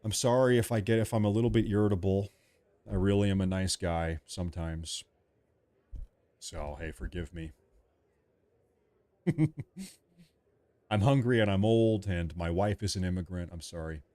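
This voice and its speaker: A man's voice: deep voice, moderate pace, long pauses, mellow, dry recording. A man hosting a live stream of political commentary. He reacts to viewer chat in an emphatic, repetitive way, joking about being a little irritable.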